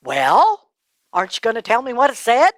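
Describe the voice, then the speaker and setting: A woman voicing a weary, grumpy old male high priest who scolds and grumbles in a storytelling reading. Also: huge pitch swings, moderate pace, no room sound. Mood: impatient. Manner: exasperated, scolding.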